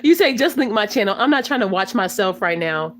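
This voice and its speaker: A young woman chatting casually on a livestream, swearing, slangy, and breaking into loud laughing fits. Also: mid-range voice, expressive, fairly quick. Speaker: livestreamer reacting to chat.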